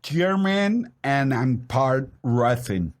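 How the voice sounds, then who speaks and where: A man's voice: medium pitch, expressive. A man playing a bumbling, awkward recurring character on a comedy podcast. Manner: slow, halting, awkward. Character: Speech Impediment Man, bumbling awkward guy.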